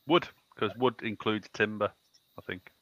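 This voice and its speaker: Guy joking around on a podcast, low bright voice, kinda dull dry mic. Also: measured pace, no echo. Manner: giggly, joking. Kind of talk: casual podcast banter.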